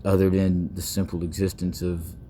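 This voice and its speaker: A young man, rambling playfully in a casual vlog monologue, full of slang, restarts and deliberately wordy phrasing. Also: low voice, little pitch movement, dark tone, slight background noise. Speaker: vlogger.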